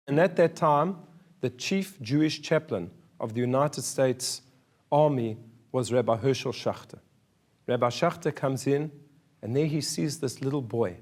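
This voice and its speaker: A man's voice: mid-range voice, a little mellow. A man, a rabbi, giving a sermon in an earnest, storytelling manner.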